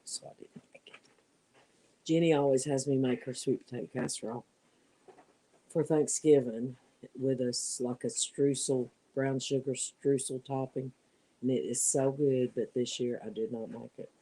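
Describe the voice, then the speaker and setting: Warm-voiced middle-aged woman chatting. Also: very deep voice, steady tone, moderate pace, slight background noise, poor audio. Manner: easygoing, laughs while talking. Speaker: live stream guest. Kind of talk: casual chat while crafting. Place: home.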